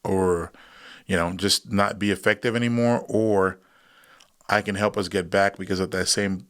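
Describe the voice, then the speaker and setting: A man's voice: low-pitched, steady tone, normal speed, fairly bright tone. A man in his thirties, a guest on a podcast, telling a war story in a casual way, acting out voices and laughing often. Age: 30s. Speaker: guest, combat veteran.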